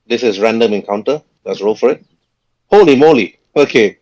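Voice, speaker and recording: A man running a tabletop game as game master, talking in a halting way with frequent chuckles. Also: mid-range voice, darkish tone, low-quality recording.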